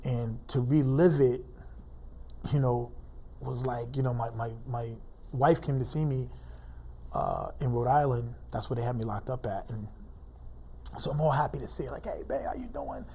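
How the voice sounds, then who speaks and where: Male interview guest, mellow low-toned voice, informal halting delivery, heavy personal story. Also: fairly even intonation. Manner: informal, halting speech with many fillers.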